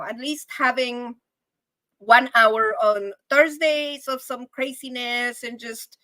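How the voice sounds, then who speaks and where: A woman talks to her viewers on a live show, her voice high and bright. She is chatty and emotional, thanking people warmly, and the sound is dry and close to the mic. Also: no room sound. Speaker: channel host. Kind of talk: casual livestream chat.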